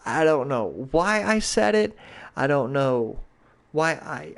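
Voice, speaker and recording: A man's voice: medium pitch, expressive, measured pace, gravelly. A young man hosting a podcast, telling a rambling, profane story in a casual, slangy way. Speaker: podcast host.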